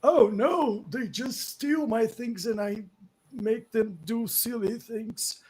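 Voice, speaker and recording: A man voicing a frail, very old man who is cranky and forgetful, in a high, quavering voice that often breaks into yelling. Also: slow, husky, full character voice. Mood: excited.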